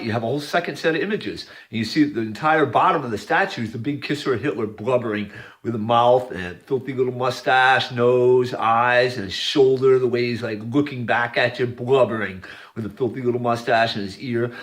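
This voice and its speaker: Earnest man narrating over pictures. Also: mid-range voice. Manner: earnest, repetitive pointing-out narration, occasional yelled quotes. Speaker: video narrator.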